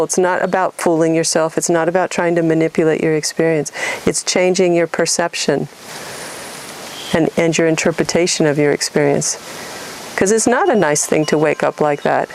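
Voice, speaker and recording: A woman's voice: fairly low pitch, a little mellow, slight background noise. A middle-aged woman from California giving an earnest spiritual talk, acting out inner voices and asking rhetorical questions. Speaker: spiritual teacher.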